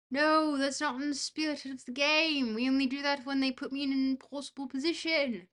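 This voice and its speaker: A young woman streaming a geography guessing game, reacting excitably, swearing freely and talking to her chat. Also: high-pitched, a little fast, hardly any pauses. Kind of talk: casual live-stream chat while playing a geography game.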